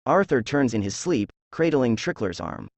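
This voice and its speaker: A man reads a drama transcript aloud, calling out character names and stage directions. His delivery is flat and level, with a gravelly edge. The recording is dry and close. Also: medium pitch, normal speed, no room sound. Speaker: script reader.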